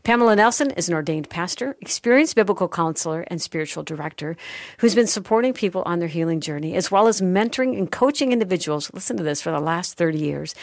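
Friendly woman radio host, kinda low voice, dry studio sound. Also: dry recording. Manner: upbeat, friendly, conversational. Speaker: talk show host. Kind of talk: religious radio talk show hosting.

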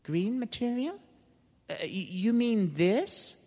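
A man's voice: sits high, expressive, slow, darkish tone, pitched above the performer's own voice. A man voicing a puzzled woman shopkeeper who hesitates and stammers, in an echoey hall. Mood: confused.

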